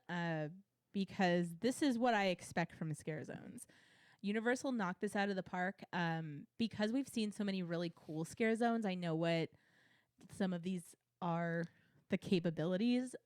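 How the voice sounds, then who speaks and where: A young adult woman co-hosts a relaxed review conversation. She speaks candidly and gives firm opinions, pausing on fillers and restarting her sentences. Her voice sits in a middle range and sounds dry and close to the mic. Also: medium pitch, no room sound. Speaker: co-host reviewing theme park events. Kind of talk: casual chat.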